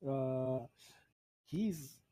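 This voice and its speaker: A man running a tabletop game as game master, narrating in a halting way with many fillers. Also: mid-range voice, warm tone, no room sound.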